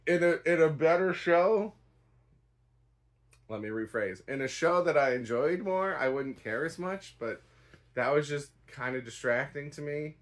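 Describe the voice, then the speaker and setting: A man's voice: fairly high pitch, a bit bright. A man giving a casual spoken review of a stage play, rambling and hedging with a dry, unimpressed tone. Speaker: theatre reviewer.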